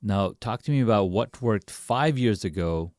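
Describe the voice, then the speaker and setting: A man's voice: fairly low pitch, animated, moderate pace, a little mellow, no echo, clean studio sound. A man hosting a podcast interview, affirming his guest and summing up the guest's points in a conversational way. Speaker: podcast host.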